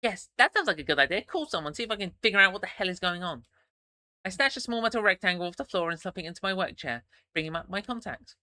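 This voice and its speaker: A man's voice: sits high, animated, quick pace, pushed and bright, dry recording. A man streaming, reading a story game aloud and chatting between passages, with stammering restarts and chuckling asides.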